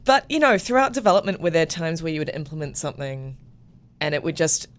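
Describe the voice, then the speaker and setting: Female co-host, lowish pitch, hesitant self-mocking questions. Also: very animated, quick pace. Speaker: podcast co-host. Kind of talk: casual chat.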